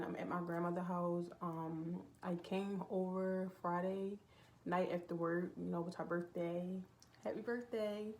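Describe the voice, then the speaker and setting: A young woman with a lowish, slightly mellow voice vlogs casually and confessionally from indoors at a relative's home, with slight background noise. She rambles heartfelt thoughts, using lots of filler words.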